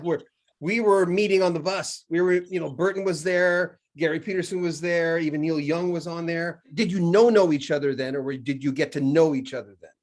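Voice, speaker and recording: A man hosts a casual interview and poses questions to his guest. He stumbles and restarts as he works his way toward each point. His voice sits a little higher than most men's. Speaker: interviewer, channel host.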